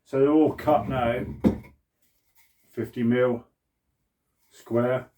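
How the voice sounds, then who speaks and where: A man's voice: medium pitch, fairly even intonation, very slow, warm tone, slight background noise. Chatty older British man in a shed. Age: 60s. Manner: chatty, rambling, self-talk while working. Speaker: woodworking vlogger. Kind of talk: casual workshop chat to camera. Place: small cluttered shed. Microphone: camera on a mount.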